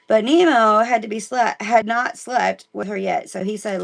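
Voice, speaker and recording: A woman from Missouri reads Bible passages on a casual livestream and keeps breaking off to chat with her viewers. Her voice sits at a middle pitch with a gravelly, creaky texture. Her delivery is relaxed and conversational. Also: unhurried. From Missouri, United States. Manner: chatty, breaks off to talk to viewers, giggly asides. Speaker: live-stream host reading the Bible. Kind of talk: casual live-stream Bible reading.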